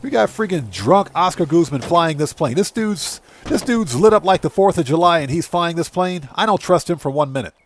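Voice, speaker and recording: A man live-streaming a video game, chatting casually and excitably with his viewers from a home streaming setup. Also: fairly high pitch, moderate pace, hardly any pauses, a little hiss or hum. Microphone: streaming setup microphone.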